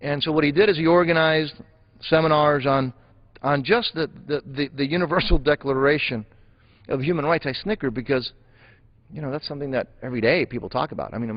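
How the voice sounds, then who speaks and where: A man's voice: fairly high pitch, dull audio. A man giving a floor speech as a member of Congress, emphatic and repeating phrases for stress. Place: legislative chamber.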